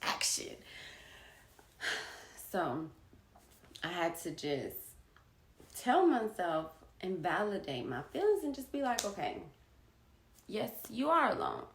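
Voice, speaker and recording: A woman speaks slowly and openly about her feelings, her pitch rising and falling a lot. She is blunt and swears freely, and she is audibly emotional. The voice carries a roomy echo. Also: sing-song, slight background noise. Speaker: vlogger. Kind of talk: candid personal monologue.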